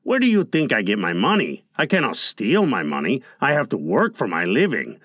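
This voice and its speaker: A man's voice: huge pitch swings, normal speed, a bit bright, dry recording, clean studio sound. A man voicing a sly older Mexican burro trader who bargains with a wheedling, theatrical manner. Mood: pleading. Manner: wheedling, theatrical bargaining with big pitch swings.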